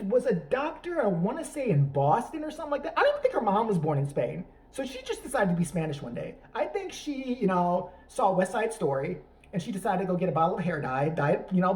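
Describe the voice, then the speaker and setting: Man ranting, crude, sarcastic, rambling, lively swings in pitch, comedy commentary. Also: rough recording. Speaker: YouTube commentator. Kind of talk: profane comedic rant.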